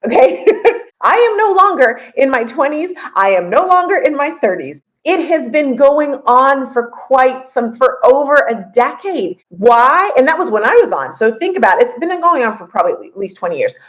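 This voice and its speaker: A woman in her forties, with a voice pitched somewhat high, talks casually into her podcast mic. She coaches her listeners in a lively, chatty way and laughs often. She repeats her key lines to drive them home. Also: normal speed, poor audio. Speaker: podcast host and business coach.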